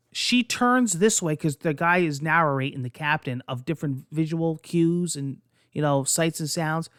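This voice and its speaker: A podcast host telling a true story in a casual, profane and animated way. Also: male voice, a little high, no echo, clean studio sound.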